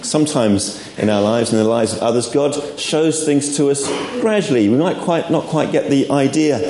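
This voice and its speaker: A man's voice: mid-range voice, moderate pace, warm tone. A man giving an informal sermon at an all-age church service, with friendly asides to the congregation. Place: church hall. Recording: echoey church room, faint background noise.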